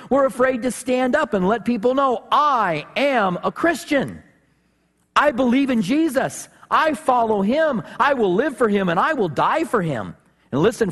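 A man preaching a sermon as pastor, animated and joking as he tells stories. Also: sits high. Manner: animated, humorous storytelling. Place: church sanctuary. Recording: long reverb of a church hall.

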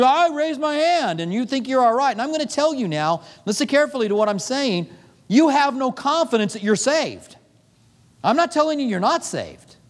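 A male pastor preaching with a high voice that swoops over a wide pitch range. He acts out short back-and-forth dialogues within the sermon. His voice rings with the long reverb of a large hall. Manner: animated preaching with acted-out dialogue.

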